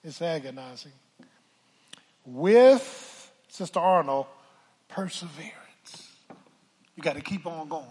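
An older man preaching a sermon from the pulpit, calling for a witness and swinging from hushed asides to shouts. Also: on the high side, expressive, takes it slowly. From Philadelphia. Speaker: pastor. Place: church sanctuary. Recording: church hall reverb.

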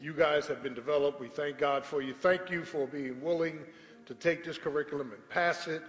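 A man's voice: on the high side, normal speed. A pastor addressing his congregation in a service, exhorting with call-and-response. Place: large church sanctuary. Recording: echoey church hall with congregation.

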